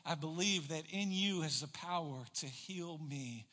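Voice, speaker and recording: A man preaching a sermon, telling the story with animated, acted-out quotes. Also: on the high side, unhurried, in a large hall. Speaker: pastor.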